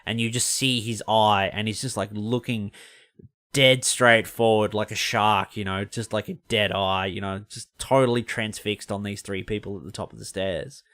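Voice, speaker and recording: Reviewing a film on his podcast, this man speaks at a moderate pace in a fairly low, fairly bright voice with fairly even intonation. His delivery is casual and rambling, and he corrects himself partway through sentences.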